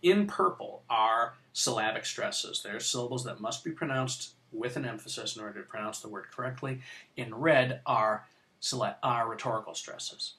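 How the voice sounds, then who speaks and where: A man lectures on poetry in a casual, teasing tone. His voice is bright and cuts through. He stresses words sharply as he reads lines aloud. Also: mid-range voice, moderate pace. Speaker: poetry teacher. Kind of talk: recorded lecture.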